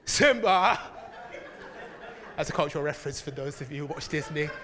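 Animated preacher, slightly high voice. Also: male voice, fast talker, gravelly. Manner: animated, laughing, keeps asking "do you know what I mean". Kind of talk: sermon with personal storytelling.

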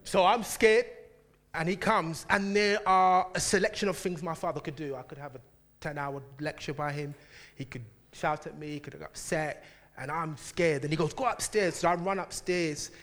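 A man preaching a sermon, telling a personal story with lively laughter and frequent asides to the congregation. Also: on the high side. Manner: animated, laughing, keeps asking "do you know what I mean".

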